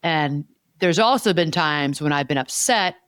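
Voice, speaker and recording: A woman's voice: sits low, animated, unhurried, fairly bright tone, clean tone, dry recording, studio quality. A woman hosting a podcast as a therapist, talking earnestly and explaining, repeating key words as she goes. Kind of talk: conversational podcast chat.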